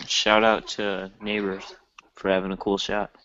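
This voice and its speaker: Man, casual movie chat, teasing, blunt, low voice, muffled lo-fi recording. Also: monotone, measured pace, fairly bright tone, clean tone. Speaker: co-host. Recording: dull lo-fi recording.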